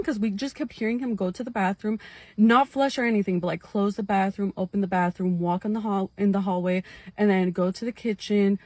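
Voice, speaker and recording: A woman telling her own scary experience in a casual storytime, animated and full of fillers, talking straight to her viewers. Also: mid-range voice, a little fast, no room sound.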